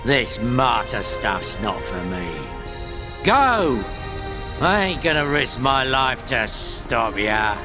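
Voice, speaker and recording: Game dub: a blunt, dismissive mercenary, lively pitch, slow, music bed. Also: male voice.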